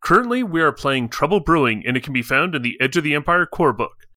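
Upbeat man as game master, with a forceful, close, dry delivery. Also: on the high side, lively intonation, fast, dry recording. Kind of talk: podcast introduction.

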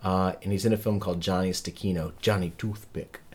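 A man's voice: low-pitched, fairly even intonation, brisk, husky. A man co-hosting a podcast, chatting casually and jokily about movies in a rambling way. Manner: rambling, jokey film chatter. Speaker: podcast co-host. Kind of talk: casual chat.

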